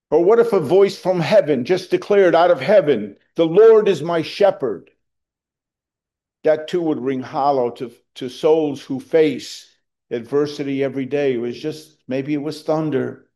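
Slow, mellow-voiced pastor preaching. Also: male voice, fairly high pitch. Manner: slow, earnest preaching with emphatic rises on quoted verses. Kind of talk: sermon.

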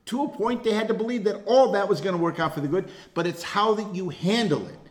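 A man's voice: high voice, fast talker. A man teaching a casual Bible study class, talking earnestly and often repeating words while he gathers his thoughts.

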